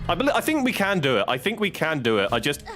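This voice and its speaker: Speaking fast over music, a man from England with a fairly high voice streams a game and comments casually. He's excitable, yelping and swearing at every setback.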